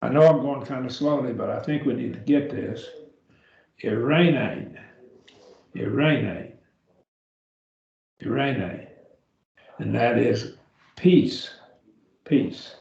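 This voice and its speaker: A man with a gravelly voice leads a classroom grammar lesson, patiently breaking words into syllables. The sound is echoey and a little dull, like a lo-fi recording of a church classroom. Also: mid-range voice, unhurried, dark tone. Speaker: Greek teacher.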